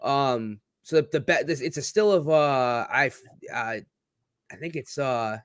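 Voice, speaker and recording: A man's voice: medium pitch, a little slow, clear, resonant tone, no echo. Male co-host, mid-range voice, rambling casual delivery, dry sound. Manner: rambling, conversational, easygoing. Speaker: wrestling podcast co-host. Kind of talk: casual live-stream chat.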